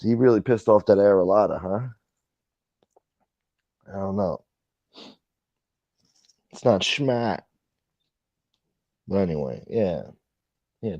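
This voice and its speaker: A man's voice: fairly low pitch, mellow, dry recording, muffled recording. A man hosting a casual late-night livestream chat, rambling and swearing as he reads and answers viewer comments. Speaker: livestream host.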